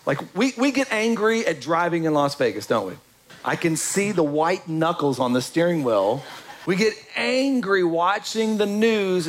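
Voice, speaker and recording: A man preaching a sermon in a church, lively and joking with the congregation. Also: on the high side. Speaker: pastor.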